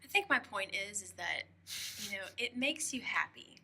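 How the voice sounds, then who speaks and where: A young woman of Cuban roots co-hosts a relaxed podcast chat. She is animated and teasing and laughs easily. Her voice sits at a middle pitch with a very bright edge. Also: moderate pace, slightly rough. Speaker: podcast co-host. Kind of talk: casual chat.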